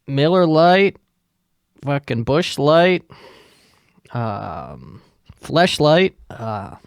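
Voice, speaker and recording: A man's voice: medium pitch, vocal fry, no echo, studio quality. A middle-aged man hosting his own podcast, ranting casually and profanely in a rambling, mocking way. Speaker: podcast host. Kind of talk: casual solo podcast rant.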